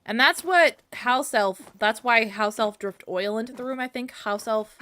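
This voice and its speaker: A woman's voice: fairly high pitch, measured pace, sharp tone. A woman streaming as a VTuber, chatting casually and playfully while she plays, rambling from topic to topic and talking back to the game. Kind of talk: casual live-stream chat while gaming.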